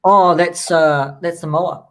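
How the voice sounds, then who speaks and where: A man's voice: on the high side, steady tone, takes it slowly, poor audio. A man hosting a casual chat, rambling with lots of ums and restarts. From New Zealand.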